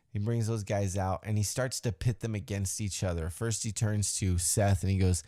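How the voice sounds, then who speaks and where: Going over a wrestling show on his podcast, the host talks in a fairly low, slightly mellow voice that stays steady at normal speed with hardly any pauses. The recap is loose and wandering, peppered with fillers and some swearing, and he acts out quotes in an offhand way.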